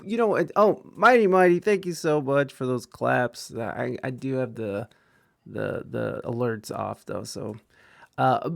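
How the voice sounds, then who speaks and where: A man hosting a livestreamed interview show, chatting casually in a halting way and breaking off to thank viewers. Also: medium pitch, creaky, fairly bright tone. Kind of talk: casual chat.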